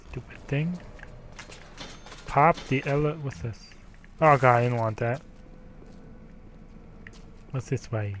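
A man giving gameplay commentary, profane, grumbling and yelling at the game. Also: mid-range voice, takes it slowly, long pauses, slight background noise. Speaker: let's play gamer.

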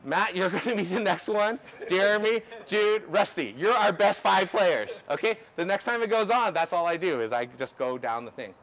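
A man coaching a group through drills outdoors, energetic and instructive, often checking in with "okay?". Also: high-pitched, moderate pace, hardly any pauses. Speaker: ultimate coach. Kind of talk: outdoor coaching clinic demonstration. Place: outdoor field.

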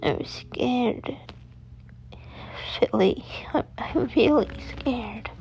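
A woman's voice: a little high, extremely slow, dark tone. Woman doing a frightened little boy. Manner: small pleading voice, whimpering. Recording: dull lo-fi audio with faint music.

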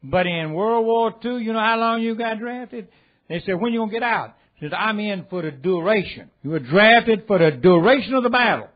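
An older man preaching a sermon, swinging between loud exhortation and quiet, low asides. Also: lively intonation, moderate pace. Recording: tinny phone-like audio.

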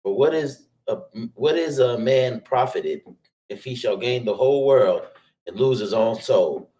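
A man reads scripture aloud in a steady, measured voice at an ordinary pitch. The sound is roomy, with a clear echo around him. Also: recorded from a distance. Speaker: scripture reader.

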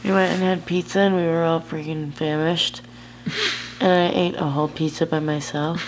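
Low-voiced giggly woman with a slight lisp. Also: fairly even intonation, normal speed, a little hiss or hum. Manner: giggly, laughs between lines. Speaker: vlogger. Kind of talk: casual travel vlog chat. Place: indoors at a friend's home at night.

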